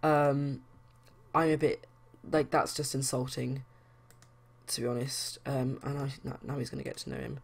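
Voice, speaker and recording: A woman's voice: very deep voice, level tone, normal speed, vocal fry, husky. A young woman chatting casually as a let's play host, rambling with lots of fillers. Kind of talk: casual game commentary.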